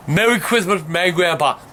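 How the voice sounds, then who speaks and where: An older man telling profane stories that break into shouting rants. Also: high voice, unhurried, slight background noise. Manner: cursing constantly, bursts into shouting. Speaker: vlog host telling stories. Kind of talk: profane storytelling rant.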